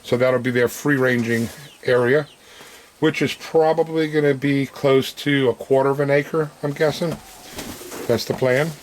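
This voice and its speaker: A man giving a relaxed, chatty walk-through of his farm, talking fondly to his chickens as he feeds them. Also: medium pitch, a little slow, a little hiss or hum. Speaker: homesteader showing his farm. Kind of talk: casual walk-through vlog. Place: outdoors on a farm, in and around a chicken coop. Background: chickens clucking and a rooster.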